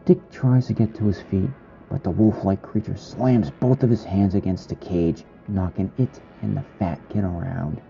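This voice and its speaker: A man narrating a horror short story in a slow, dramatic storytelling manner. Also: deep voice, fairly even intonation, creaky, dark tone, muffled recording, soft background music.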